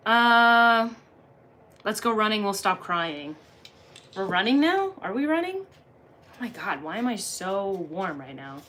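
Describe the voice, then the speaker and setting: Bright-voiced woman chatting on a live stream. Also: medium pitch. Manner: jokey and crude, answers viewers directly. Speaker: livestreamer reading chat. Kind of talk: casual live-stream chat.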